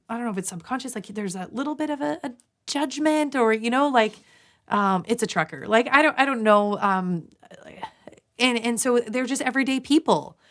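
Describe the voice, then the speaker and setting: She has a mid-range, somewhat bright voice: a woman in her thirties from Canada who works as a nurse. As an interview guest, she tells a long personal story casually, full of fillers, restarts and quoted asides.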